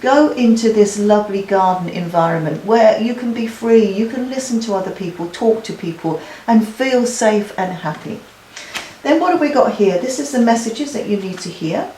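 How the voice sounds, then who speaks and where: A woman's voice: mid-range voice, lively intonation, normal speed, dark tone, echoey room, a little hiss or hum, low-quality recording. A woman giving a weekly tarot card reading in a chatty, encouraging way, talking to her cards as she draws them. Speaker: tarot reader.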